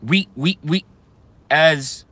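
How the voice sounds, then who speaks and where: A man from the United States delivering an angry, profane rant to camera, breaking into shouted bursts. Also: a little high, drawn-out words, breathy edge, no echo. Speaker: vlogger.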